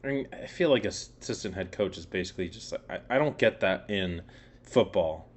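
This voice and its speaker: A man's voice: low voice, expressive, moderate pace. A young man co-hosting a casual sports podcast, rambling with lots of fillers and swearing. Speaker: podcast co-host.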